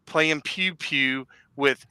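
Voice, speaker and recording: A man's voice: mid-range voice, very slow, bright, forceful tone, clear, resonant tone, dry recording. A man chatting on a panel in an upbeat, encouraging way. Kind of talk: casual panel chat.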